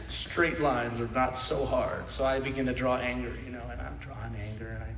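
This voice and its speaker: Animated man preaching in an echoey hall. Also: mid-range voice, a little slow, recorded from a distance, a little hiss or hum. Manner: animated, swings from shouting to quiet asides, laughs often. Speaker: pastor. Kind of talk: sermon.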